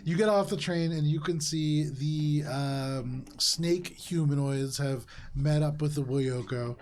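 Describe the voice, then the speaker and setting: A man's voice: on the high side, slow pace, a little mellow. A man running a tabletop game as game master, narrating casually with many fillers. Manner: casual, rambling, full of fillers.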